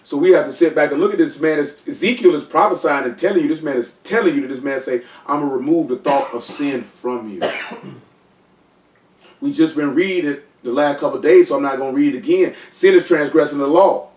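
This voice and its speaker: Man teaching scripture in loose slangy talk with joking asides; higher voice, recorded far off in a roomy space. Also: quick pace, a little mellow. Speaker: teacher leading a Bible study. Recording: echoey room, distant mic.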